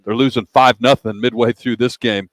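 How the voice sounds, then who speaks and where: A man's voice: mid-range voice, fairly even intonation, normal speed, no echo. Upbeat male sports radio host. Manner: upbeat, plugs sponsors between picks. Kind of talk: casual sports talk. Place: broadcasting live from a sportsbook bar.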